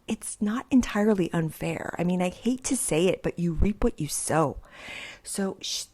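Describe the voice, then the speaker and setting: A middle-aged woman, a vlogger, chatting casually from home in a giggly, animated way. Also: low voice. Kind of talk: casual commentary vlog.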